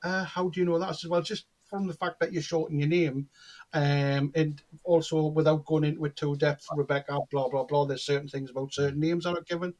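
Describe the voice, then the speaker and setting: This guest, a cold reader, speaks in a slightly high voice at a fairly quick clip. In a casual chat he spins animated anecdotes, acting out the quoted dialogue.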